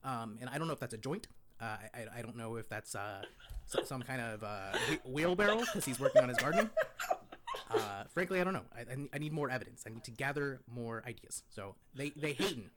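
A man voicing a condescending, pompous male pundit, lecturing deadpan in a comic impression on a podcast. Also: medium pitch, brisk, very noisy, lightly acted. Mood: smug lecturing.

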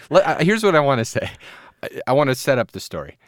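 A man's voice: mid-range voice, very animated, normal speed, no room sound, studio quality. A man co-hosting a casual beer-tasting podcast, joking, rambling and laughing often. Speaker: podcast co-host. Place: indoor recording studio.

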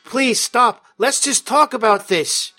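A man voicing a smooth-talking male mob boss who pleads with his wife and heaps pet names on her. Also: extremely high pitch, takes it slowly, bright, forceful tone, faint music behind, pitched above the performer's own voice, heavily acted. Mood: pleading.

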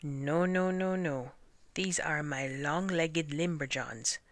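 A woman's voice: deep voice, slow pace, slight background noise. A woman reading a storybook aloud and voicing a pompous, fussy male lord who insists on his own words for things.

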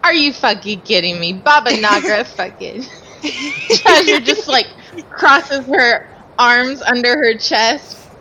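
A woman player in a casual tabletop game who talks in an expressive, giggly way. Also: fairly high pitch, slow, noisy background.

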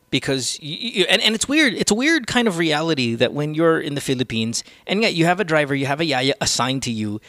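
A man's voice: a little high, sharp tone, no echo, clean studio sound. A man hosting a podcast, ranting casually with strong opinions and plenty of swearing. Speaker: podcast host.

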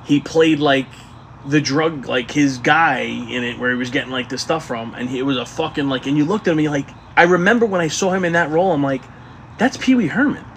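A man co-hosting a podcast in casual chat, swearing freely and telling stories in an animated way. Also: a little high, brisk, gravelly, slight background noise. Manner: profane, animated storytelling. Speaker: podcast co-host.

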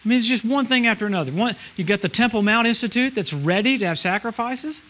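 A middle-aged man preaching a sermon at a church service, animated, swinging from loud exclamations to low murmurs. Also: fast. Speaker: guest preacher.

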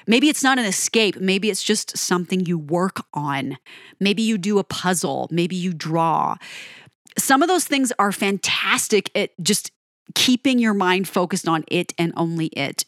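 A music video creator speaks straight to camera in a heartfelt talk, earnestly and emotionally urging viewers to take care of themselves. Her voice is lowish with a fairly bright tone, her pace speeding up and slowing down, and the studio sound is clean with no room echo.

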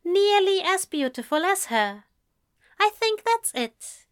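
A woman doing a gentle, tender young husband. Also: very high-pitched, big pitch swings, slow, voice pushed up, heavily acted. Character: gentle soft-spoken adult husband and new father.

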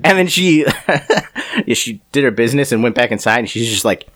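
A man's voice: mid-range voice, expressive, brisk, fairly bright tone. A man from Northeast Ohio hosting a casual, jokey podcast chat and laughing often. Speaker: podcast host.

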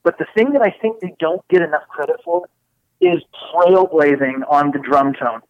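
A man's voice: a little high, expressive, normal speed, no echo, highs cut off. A man joining a podcast as a guest, talking gear in a thoughtful, articulate casual way. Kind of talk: casual chat.

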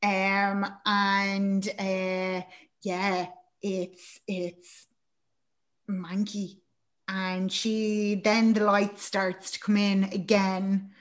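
A woman's voice: medium pitch, little pitch movement, drawn-out words. A woman hosting a podcast, retelling a film plot in casual, sweary chat and acting out the characters' lines. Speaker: podcast host.

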